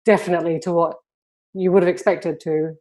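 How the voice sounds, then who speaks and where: A woman's voice: on the low side, steady tone, fairly quick, mellow. A woman hosting a podcast interview, asking encouraging questions with some hedging fillers. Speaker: podcast host.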